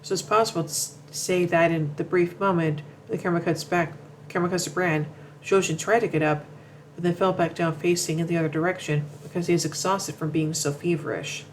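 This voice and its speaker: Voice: medium pitch, steady tone, a little fast, hardly any pauses, slight background noise, rough recording. Stumbling narrator reading show commentary. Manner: reads from notes with frequent stumbles and restarts.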